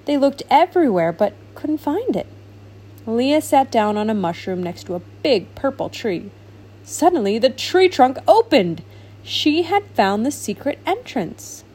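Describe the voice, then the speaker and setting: A woman reading a children's storybook aloud with animated, expressive narration. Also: high-pitched, measured pace, breathy edge. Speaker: storybook reader.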